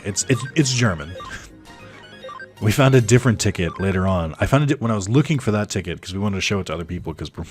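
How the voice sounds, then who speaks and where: A man telling a casual, rambling story over his gameplay as a YouTuber, full of fillers and chuckles. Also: sits low. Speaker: gaming YouTuber.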